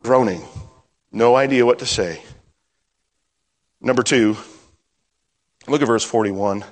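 A man's voice: mid-range voice, slow pace. Male pastor preaching in a reverberant hall. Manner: conversational preaching, swings from lively to hushed. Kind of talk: sermon.

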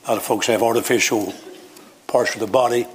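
A man's voice: medium pitch, fairly even intonation, brisk, breathy edge. An older male preacher delivering a sermon in a folksy, storytelling way. He tells homespun jokes and climbs to emphatic points. His voice sits in an ordinary middle range. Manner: folksy, joking storytelling with rising emphatic lines.

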